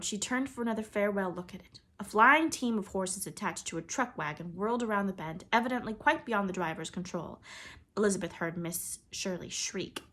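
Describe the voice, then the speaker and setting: A woman narrating a classic children's novel in an even, expressive storybook reading. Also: mid-range voice. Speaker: audiobook reader.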